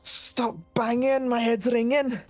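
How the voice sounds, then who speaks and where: A woman's voice: fairly high pitch, little pitch movement, takes it slowly, a little mellow, soft background music, pitched above the performer's own voice. A woman voicing an injured female prisoner waking in a cell, with a Scouse accent and a coarse, dazed way of talking. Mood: groggy irritation.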